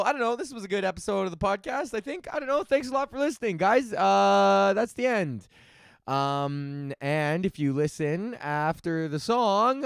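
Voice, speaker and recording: A man's voice: high voice, gravelly, smooth, no echo, clean studio sound. A man hosting a solo comedy podcast, crude and joking, often laughing as he rants. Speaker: podcast host.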